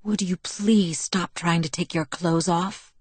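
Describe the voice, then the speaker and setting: A woman voicing a calm, teasing young man who speaks softly, in an audiobook. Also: lowish voice, unhurried, slightly rough, no room sound. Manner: soft, calm, murmured. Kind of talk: audiobook character voice.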